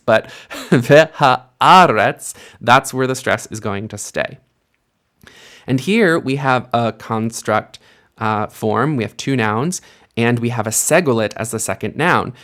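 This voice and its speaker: A man's voice: medium pitch, a little slow, fairly bright tone. A man teaching a recorded grammar lesson, explaining patiently and sounding out example words with careful stress. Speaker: Hebrew teacher.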